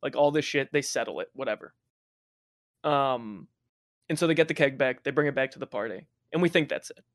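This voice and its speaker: A young man casually telling a wild high school story, swearing often and laughing between lines. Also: fairly quick, dry recording, clean studio sound. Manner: profane, laughing, animated anecdote telling.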